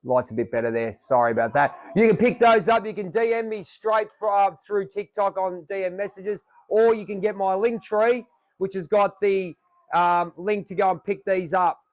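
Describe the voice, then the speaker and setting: A man's voice: high-pitched, moderate pace, no room sound, poor audio. A man with an Australian accent hosting a podcast in a chatty, jokey way, rambling with fillers. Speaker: podcast host. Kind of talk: casual chat.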